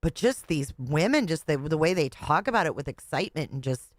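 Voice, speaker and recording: A woman's voice: low voice, expressive, a little fast, no echo, clean studio sound. A woman reacting to a clip with blunt, sarcastic commentary and frequent swearing. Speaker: reaction video host. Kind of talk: snarky commentary.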